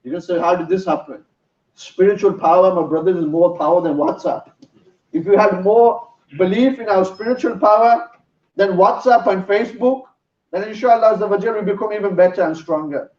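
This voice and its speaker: A preacher in a mosque hall gives a sermon, earnestly telling a story in a high-pitched, darkish voice at a fairly quick pace. The recording sounds roomy, distant, and dull.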